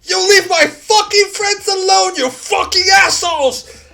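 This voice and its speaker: A man voicing a massive monster with a low growly voice but a youthful way of speaking. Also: unhurried, vocal fry, pushed and bright, full character voice. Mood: enraged.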